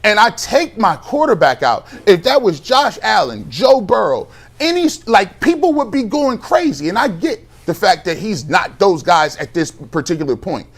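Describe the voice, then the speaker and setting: A man on a sports talk show, venting with heated exasperation and plenty of slang. His voice sits a little higher than most men's. He sounds animated and fired up, pressing his point hard. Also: moderate pace, few pauses.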